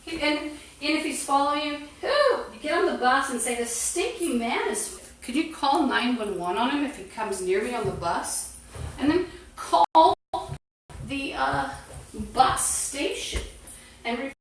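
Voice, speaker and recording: A woman talking on a phone live stream, rambling and jumping between topics, swinging from loud outbursts to muttering. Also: high voice, lively intonation, unhurried, reverberant, far from the mic, a little hiss or hum, poor audio. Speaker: livestreamer.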